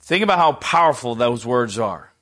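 A middle-aged man preaching a sermon, asking the congregation rhetorical questions and dropping to a near hush for tender quoted lines. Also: mid-range voice, lively intonation, moderate pace.

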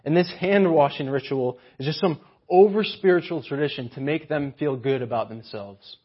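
Man, preacher, sermon, animated, husky voice, muffled lo-fi recording. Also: a little high, normal speed, hardly any pauses. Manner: animated, acts out mocking voices of the Pharisees.

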